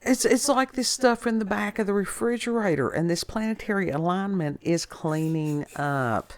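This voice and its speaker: A woman's voice: medium pitch, moderate pace, no echo. A woman hosting a casual podcast chat, folksy and rambling, often repeating words. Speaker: podcast host.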